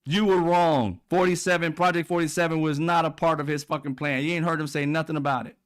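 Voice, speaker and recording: A political commentary host delivers an animated rant full of profanity and mockery, laughing often and mimicking people in high voices. He speaks fast, with fairly even intonation and a clear, resonant tone.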